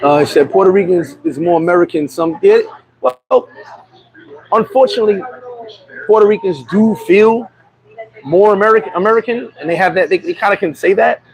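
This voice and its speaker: A man's voice: high voice, animated, normal speed, creaky, poor audio. A man hosting a casual livestream chat, telling blunt, profane stories. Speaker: livestream host.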